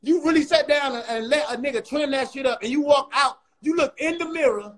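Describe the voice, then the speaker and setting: A man with a strikingly high voice runs a profane comic roast on a livestream. He talks loudly and mockingly, firing one insult after another at the person he is arguing with. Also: low-quality recording. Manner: loud, mocking, rapid insults. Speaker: comedian host.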